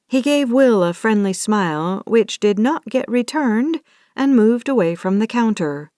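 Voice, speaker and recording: A woman narrating an audiobook romance in a measured, even manner. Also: fairly high pitch, no room sound, studio quality. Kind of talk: scripted narration.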